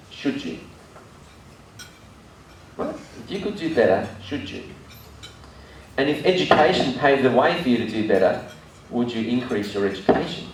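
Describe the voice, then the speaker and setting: A man's voice: mid-range voice, slight background noise. Brief: middle-aged Aussie male host, live room talk, heard from a distance in a very echoey hall, faint ambience. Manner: chatty, tells jokes with quoted voices, frequent restarts. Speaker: breakfast event host. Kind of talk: live presentation to a seated audience.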